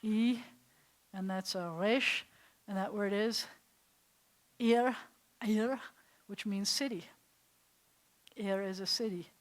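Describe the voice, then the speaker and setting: A woman's voice: medium pitch, fairly even intonation, takes it slowly, long pauses. Chatty woman rabbi teaching a class. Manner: chatty, explains step by step, asks the class questions. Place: classroom with a small group seated.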